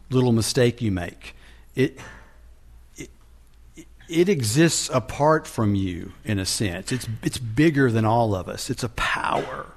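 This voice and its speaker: A man preaching a sermon, teaching from scripture in a deliberate manner with frequent restarts. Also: medium pitch.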